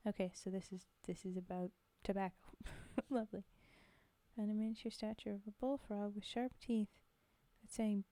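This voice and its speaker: A woman's voice: medium pitch, moderate pace, warm tone, no echo. A woman hosting a casual livestream, chatting with viewers, giggling often and reading poetry aloud.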